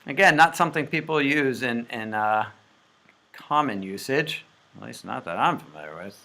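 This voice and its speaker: A man's voice: mid-range voice, lively intonation, normal speed, gravelly, bright, forceful tone. A man walking through math homework problems step by step, joking as he goes. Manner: jokey, talks through math steps aloud. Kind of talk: playful homework walkthrough.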